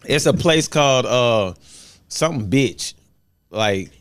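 A man hosting a podcast, telling a story in a lively, profane, casual way. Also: mid-range voice, slow, clear, resonant tone. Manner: animated storyteller, swears freely. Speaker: podcast host.

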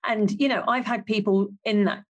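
A woman hosting a podcast interview, friendly and quick to laugh. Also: medium pitch, steady tone. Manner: friendly, laughs easily, short affirmations. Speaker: podcast host. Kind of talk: conversational interview.

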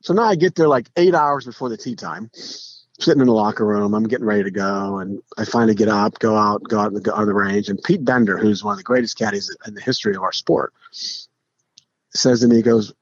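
A middle-aged man, a podcast guest, telling stories in a casual, animated way, with frequent restarts and acted-out quotes. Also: on the low side, brisk, dry recording. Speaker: podcast guest, pro golfer. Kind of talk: casual storytelling. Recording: dull lo-fi podcast audio.

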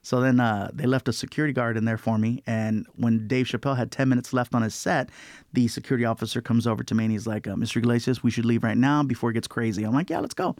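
A man telling a story as a guest comedian in an interview, animated and acting out other people's voices. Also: mid-range voice, quick pace, dry recording, clean studio sound. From California.

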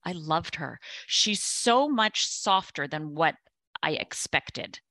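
A woman's voice: deep voice, animated, slow pace, bright, forceful tone, no room sound. A middle-aged woman chatting casually as a podcast guest, telling stories and acting out what others said. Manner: chatty storyteller, acts out quoted voices. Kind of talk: casual chat.

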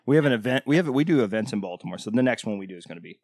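A man's voice: mid-range voice, lively intonation, very fast, a little mellow, no room sound. A man hosting a podcast, chatting casually and joking at his own expense. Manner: joking, self-mocking storyteller. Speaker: podcast host. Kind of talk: casual chat.

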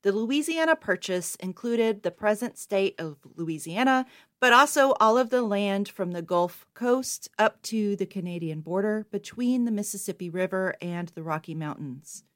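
A woman co-host reading a scripted history segment in an even, matter-of-fact way. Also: mid-range voice, normal speed. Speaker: podcast co-host.

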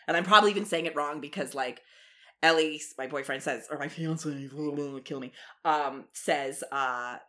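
A woman hosting a podcast in casual chat, bubbly and expressive. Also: deep voice, normal speed. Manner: bubbly, expressive, laughs often. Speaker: podcast host.

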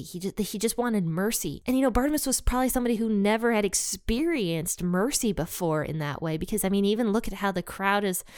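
A woman's voice: medium pitch, a little mellow, clear, resonant tone, no echo, clean studio sound. A woman giving a casual, chatty Bible lesson, retelling the story in her own words with many asides. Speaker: Bible teacher.

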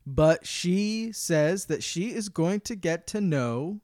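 A mid-pitched voice trades dry, teasing remarks while recapping a reality show for a podcast. The sound is close and dry, with no room echo at all. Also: animated, slow pace, a little mellow. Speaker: podcast co-host. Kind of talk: casual reality TV recap chat.

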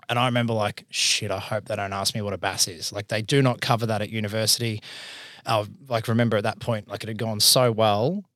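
Casual and animated, a thirtysomething Australian man who is an accountant and runs a business recounts his career, voicing the people he quotes. His voice is mid-range, and the recording is dry, clean studio sound.

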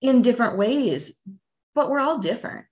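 A woman's voice: on the high side, animated, moderate pace, a little mellow. A woman guest, a parent coach, explaining her ideas in an earnest, teacherly way in a casual interview.

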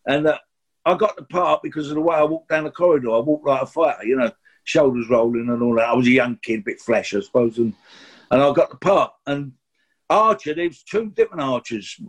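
Husky London man telling stories. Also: mid-range voice, brisk. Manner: rambling, chatty, full of restarts and asides. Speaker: guest actor. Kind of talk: anecdotal interview storytelling.

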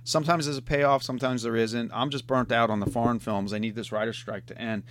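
A man's voice: medium pitch, steady tone, quick pace, fairly bright tone. A middle-aged man hosting a podcast in casual, rambling chat, often tacking on "man". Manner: rambling, laid-back, says "man" a lot. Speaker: podcast host.

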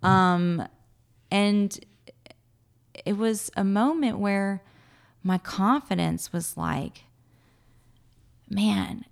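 A woman in her thirties, a podcast guest, telling a personal story with animated voices for her past self and frequent laughter. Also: mid-range voice, creaky. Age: 30s. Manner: animated, acts out her own past words, laughs often. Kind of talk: emotional personal storytelling in an interview.

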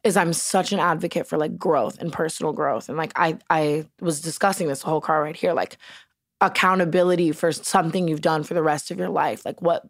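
Young woman guest; very low pitch, dry close sound, chatty, filler-heavy casual talk. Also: fairly even intonation, fairly quick, dry recording. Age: young adult. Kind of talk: casual podcast conversation. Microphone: close podcast mic.

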